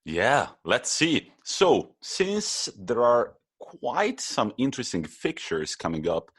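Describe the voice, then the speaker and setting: A man's voice: mid-range voice, huge pitch swings, slow, a bit bright, husky. A man with an Italian accent co-hosting a casual football podcast, teasing his co-host as he runs a quiz. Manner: playful, quizmaster teasing.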